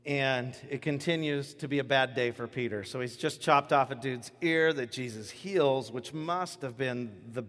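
A man preaching a sermon, telling a story in an animated way and acting out the voices of the people in it. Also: medium pitch, moderate pace, few pauses, big-room sound. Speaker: pastor.

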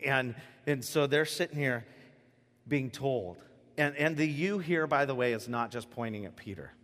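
A pastor giving a sermon with lively, animated delivery that swings between hushed reflection and loud emphasis. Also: male voice, medium pitch, normal speed. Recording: long reverb of a large hall.

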